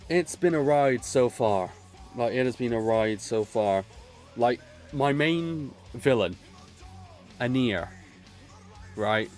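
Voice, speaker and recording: A man from Gloucester, England, chats casually while drawing on a stream, his voice fairly low and a little mellow. He rambles, swears a lot, and laughs often.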